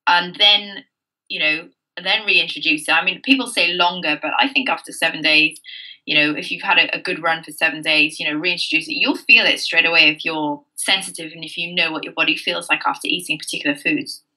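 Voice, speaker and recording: A woman's voice: sits low, fairly even intonation, fairly quick, pushed and bright, far from the mic, rough recording. A Welsh woman in casual podcast chat, chatty, laughing often and swearing freely. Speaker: podcast guest.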